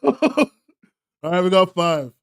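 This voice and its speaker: Young guy streamer, high voice, keeps laughing and fake-raging at chat. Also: big pitch swings, slow, gravelly, fairly bright tone. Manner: laughs often, mock outrage, talks to chat.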